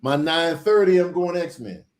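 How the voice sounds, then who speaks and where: A man's voice: fairly high pitch, measured pace. A man on a casual podcast panel, telling stories with energy and acting out what people said. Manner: animated storyteller, acts out what people said.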